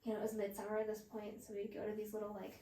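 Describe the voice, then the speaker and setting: A woman's voice: mid-range voice, completely flat delivery, racing, dark tone. A young woman telling a casual story as a podcast guest, laughing often and filling her speech with "like". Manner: chatty, laughs often, many "like" fillers. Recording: roomy echo.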